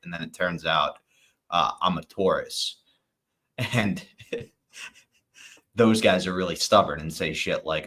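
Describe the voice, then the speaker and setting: A man co-hosting a comedy podcast, throwing in dry, deadpan asides. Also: low voice, normal speed. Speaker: podcast co-host. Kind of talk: comedic banter.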